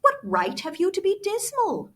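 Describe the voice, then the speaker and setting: A woman reading aloud and voicing a cheerful young man who speaks with bright, rising questions. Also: sits high, huge pitch swings, measured pace, slight background noise, pitched above the performer's own voice, exaggerated voice.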